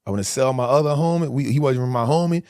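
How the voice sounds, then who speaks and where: Man, forties, emphatic storyteller, heavy street slang, mid-pitched voice, dry close sound. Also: rapid-fire, darkish tone, dry recording. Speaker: guest. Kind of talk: candid interview storytelling.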